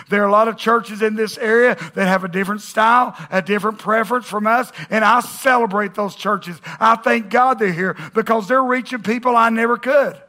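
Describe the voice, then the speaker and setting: A man preaches to his congregation in an easygoing, conversational way. His voice sits high and rings bright. He drops in jokes and keeps checking in with the room. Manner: conversational preaching with jokes and audience call-outs. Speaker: pastor. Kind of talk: sermon. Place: church auditorium with congregation.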